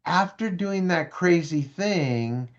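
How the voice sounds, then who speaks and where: A man giving a parent education talk, telling stories and asking the audience questions in an animated way. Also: fairly high pitch, slow pace. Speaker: prevention speaker for parents. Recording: dull lo-fi recording.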